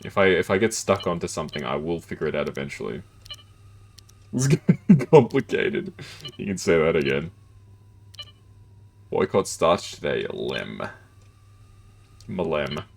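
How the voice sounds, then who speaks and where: A man's voice: very deep voice, lively intonation, moderate pace, vocal fry, long pauses, a little hiss or hum. A man casually commenting as he streams a detective game, playful and self-deprecating, breaking into giggles.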